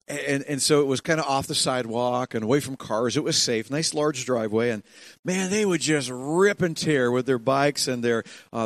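An older male pastor delivers a sermon in a slightly raised voice, told as a personal family story. He chuckles softly and moves from quiet, reflective lines to bursts of emphasis. The sound is close and dry, with no room around it. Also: fairly high pitch, no echo. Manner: warm storytelling with soft laughs, swings between hushed and emphatic.

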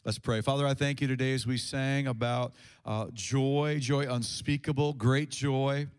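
A man's voice: mid-range voice, steady tone, unhurried, clear, resonant tone. A man preaching a sermon to a congregation, talking in a conversational way with fillers and restarts. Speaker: pastor. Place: church sanctuary with congregation.

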